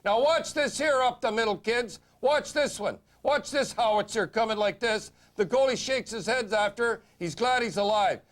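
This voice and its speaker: Blunt high-voiced hockey pundit. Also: male voice, a bit bright. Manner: blunt, opinionated, fast-talking. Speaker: hockey commentator. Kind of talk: TV sports segment commentary.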